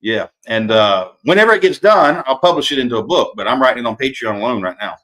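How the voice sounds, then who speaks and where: A man's voice: medium pitch, lively intonation, fast, pushed and bright. A man hosting a casual live-stream chat, telling folksy stories and swearing freely. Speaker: podcast host and author.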